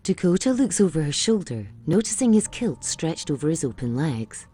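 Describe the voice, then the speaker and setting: A woman reading scripted audio description of a film, calm and even. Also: deep voice, moderate pace, husky.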